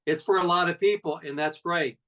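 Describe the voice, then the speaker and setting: A man's voice: on the high side, fairly quick, fairly bright tone, recorded from a distance, poor audio. A man in his sixties, a network marketing leader, giving a folksy, conversational motivational talk full of personal stories.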